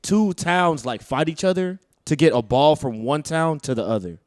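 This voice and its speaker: Laid-back young man, slightly high voice. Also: lively intonation, normal speed, dry recording, clean studio sound. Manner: laid-back, says "bro" a lot. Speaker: podcast co-host. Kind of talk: casual chat.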